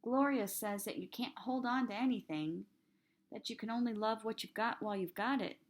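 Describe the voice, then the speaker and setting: A stubborn, heartbroken little girl, as a woman reader puts her on, with a lifted, higher voice that pushes and pleads. It is a storybook read-aloud in a plain, even delivery. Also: normal speed, close to an everyday voice. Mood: quiet. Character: grieving ten-year-old girl, stubborn and loving.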